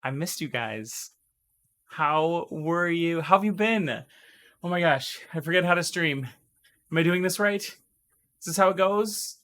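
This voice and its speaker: A fairly high-voiced man talks casually to his live-stream audience, gushing and emotional. He rambles and restarts his sentences often, and his voice still sounds strained as it recovers. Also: measured pace, a bit bright.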